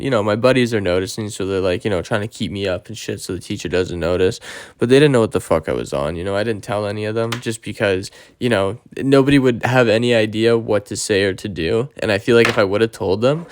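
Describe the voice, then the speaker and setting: A man's voice: lowish voice, smooth, no room sound, studio quality. A young man telling a story in a rambling, casual way, with lots of swearing and fillers. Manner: rambling, profane, lots of fillers like "you know" and "right?".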